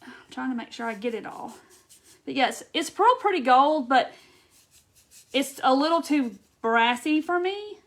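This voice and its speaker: A woman's voice: sits high, animated, unhurried, pauses often, a bit bright. A woman hosting a live craft tutorial, chatting and greeting viewers by name as she reads their comments and works.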